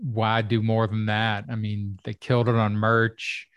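A man's voice: fairly low pitch, monotone, unhurried, fairly bright tone, clean tone, no room sound, clean studio sound. A man who works as a comedy producer, chatting casually on a podcast and telling rambling stories with asides.

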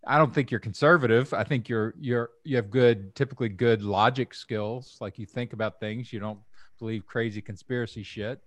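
A man's voice: mid-range voice, steady tone, moderate pace, no room sound. A man chatting casually with a friend, thoughtful and teasing in turn. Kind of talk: casual chat.

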